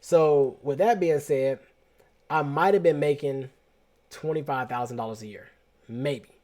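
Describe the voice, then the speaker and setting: Animated man telling a money story. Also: fairly high pitch, unhurried. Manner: casual, animated, slangy storytelling with repeated restarts. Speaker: host. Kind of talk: personal storytelling talk.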